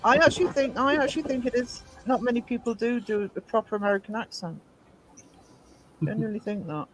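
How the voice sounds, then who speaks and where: A man's voice: extremely high pitch, a little fast, fairly bright tone, slight background noise, poor audio. A man from Northeast England hosting a casual live stream, chatty and greeting his viewers. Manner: chatty, reads out and greets the chat. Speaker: livestream host.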